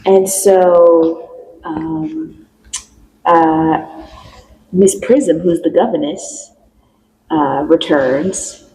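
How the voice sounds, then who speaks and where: A woman co-hosting a podcast, chatting casually as she retells a play's plot and acts out the quotes in a higher voice. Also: animated, drawn-out words, creaky, pauses often, dark tone, slight background noise, poor audio. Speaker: podcast co-host. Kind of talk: casual chat recapping a play.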